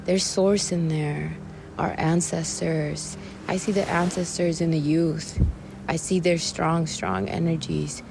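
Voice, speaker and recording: A woman podcast host gives an earnest, meandering reflective monologue while on a mushroom trip, sighing and swearing now and then. Her low voice is creaky and steady, she takes her time, and the background is noisy.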